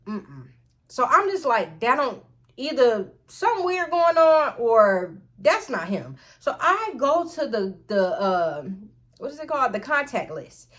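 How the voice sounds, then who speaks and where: A woman vlogger telling a storytime tale in an animated, profane way, often calling out to her viewers. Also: fairly high pitch, measured pace. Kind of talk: storytime vlog.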